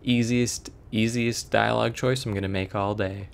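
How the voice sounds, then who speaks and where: A man from Florida talks over a video game in a rambling, sarcastic way, drifting into side stories. His voice sits low and has a gravelly fry, with a faint hiss behind it. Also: steady tone, moderate pace. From Florida, USA. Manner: rambling, sarcastic, digressive storytelling. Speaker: let's play commentator. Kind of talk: casual gameplay commentary.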